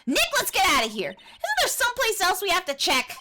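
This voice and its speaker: A woman's voice: very high voice, sing-song, a little fast, pushed and bright, slight background noise, pitched above the performer's own voice, exaggerated voice. A woman voicing a peppy young female sidekick, reading game dialogue aloud in a bubbly, indignant manner. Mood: exasperated.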